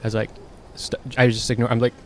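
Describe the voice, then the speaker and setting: A man's voice: mid-range voice, completely flat delivery, very fast, darkish tone, slight background noise. A young man telling a personal story in a casual, frank monologue, exasperated and swearing freely. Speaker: streamer.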